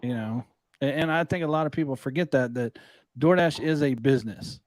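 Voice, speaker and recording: A man's voice: medium pitch, fairly quick, low-quality recording. Easygoing man chatting on a live show. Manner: easygoing, reasoning aloud with many fillers. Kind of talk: casual live stream chat.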